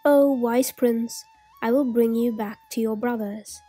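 Storybook water sprite, a cunning male pond spirit who quizzes passersby, slow and husky as a woman reads him. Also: fairly high pitch, fairly even intonation, dark tone, faint music behind. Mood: admiring. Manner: testing, questioning.

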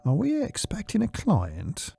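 A man's voice: high voice, huge pitch swings, measured pace, creaky, warm tone, slightly rough, dry recording, voice pushed up, full character voice. A man voicing a blunt, restless partner. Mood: dry, blunt.

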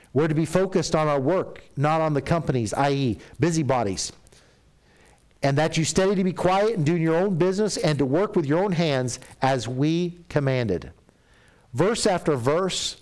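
A middle-aged man preaching a sermon in a church, telling stories and acting out quoted voices, at times dropping to a soft, confessional tone. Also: a little high.

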